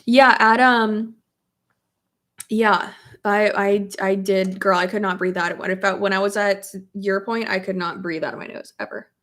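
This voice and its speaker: A woman's voice: medium pitch, steady tone, normal speed, fairly bright tone. Chatty stuffy-nosed woman swearing casually. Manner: chatty and blunt, swears freely, reads viewer comments aloud. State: stuffy nose from a head cold. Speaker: beauty vlogger. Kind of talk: casual get-ready-with-me chat while doing makeup. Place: home, at a makeup table.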